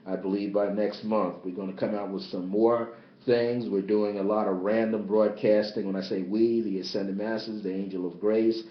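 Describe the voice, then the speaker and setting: A man, a bishop and spiritual teacher, giving a livestreamed spiritual teaching into a tablet, emphatic and repetitive, swinging between loud high exclamations and low, subdued asides. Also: little pitch movement, normal speed. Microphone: tablet device. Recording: roomy, dull lo-fi tablet livestream.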